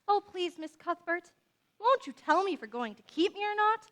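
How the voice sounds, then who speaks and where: A woman's voice: very high-pitched, animated, normal speed, bright, forceful tone, heavily acted. A woman playing a fiery orphan girl. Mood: pleading. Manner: impassioned, dramatic. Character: fiery, talkative red-haired orphan girl. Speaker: stage actor in a youth musical. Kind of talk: live stage musical acting.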